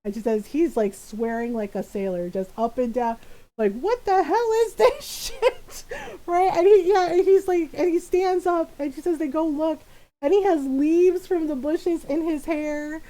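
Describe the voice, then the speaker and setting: A woman's voice: sits high, normal speed, rough recording. A woman live-streaming, chatting casually while she games, laughing often and acting out the voices of the people in her stories. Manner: animated, acts out family members' voices. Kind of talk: casual chat while gaming.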